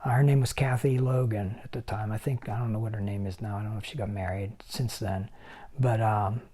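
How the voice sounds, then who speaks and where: A man's voice: lowish voice, fairly quick. A man in his sixties, a special effects makeup artist, telling anecdotes in an interview and acting out other people's lines as he goes. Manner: animated storyteller who acts out other people's lines. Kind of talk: anecdotal storytelling.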